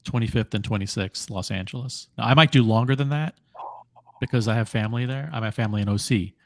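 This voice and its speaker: Podcast co-host, male, animated and repetitive, dry close studio mic. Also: medium pitch, fast, no room sound. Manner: animated, riffing, repeats himself. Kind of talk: casual panel chat.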